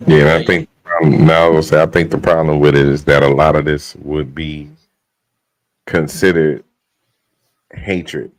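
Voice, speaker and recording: A man co-hosting a podcast, chiming in with a halting, agreeable remark as he thinks aloud. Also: extremely low pitch, little pitch movement, rough recording. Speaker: podcast co-host. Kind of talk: casual chat.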